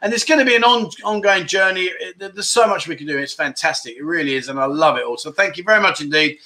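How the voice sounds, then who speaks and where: A man's voice: a little high, expressive, quick pace, pushed and bright. A middle-aged man hosting a casual livestream, chatting and joking while reading out viewer comments. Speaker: livestream host.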